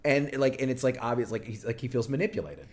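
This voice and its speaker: A man co-hosting a podcast, chatting about a film in a loose, rambling way. His voice sits at an ordinary pitch for a man. He stumbles through restarts and fillers as he goes. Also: steady tone, quick pace. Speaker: podcast co-host. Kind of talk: casual film recap chat.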